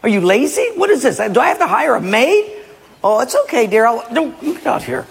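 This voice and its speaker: A preacher acts out a squabbling spouse in a comic sermon skit, exaggerated and nagging. The voice is gravelly and pushed higher than his own. A long hall reverb trails every line. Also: lively intonation, brisk, a little hiss or hum, heavily acted. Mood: grudging. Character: bickering husband and wife in a comic skit.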